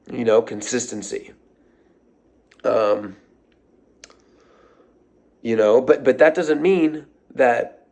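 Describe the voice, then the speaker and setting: A male social media creator with a mid-range, darkish voice launches into an unscripted motivational rant for his followers. He's blunt and profane, hammering the same phrases again and again.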